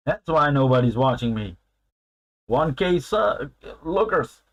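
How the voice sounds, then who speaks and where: A man talking slowly and easily in a casual live stream. He chats with viewers in a loose, rambling way and laughs often. His pitch sits in an ordinary middle range. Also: big pitch swings, poor audio. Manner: chatty, laughs often, answers viewer chat aloud.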